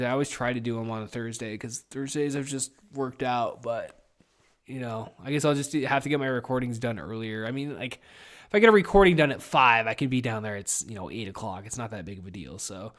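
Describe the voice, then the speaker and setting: A young man hosting a podcast in casual, rambling solo chat, swearing constantly and getting over a head cold. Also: mid-range voice. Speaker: podcast host.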